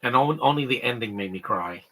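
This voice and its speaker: A young adult man from Canada, co-hosting a live stream in rambling, animated comedic chat. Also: mid-range voice, brisk. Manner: rambling, animated, mimics stutters and sobbing noises.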